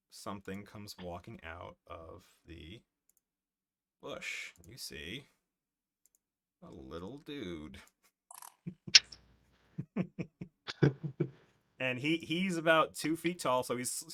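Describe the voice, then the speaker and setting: A young man narrating as game master in a casual, halting way with fillers. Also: fairly low pitch, a bit bright, slight background noise.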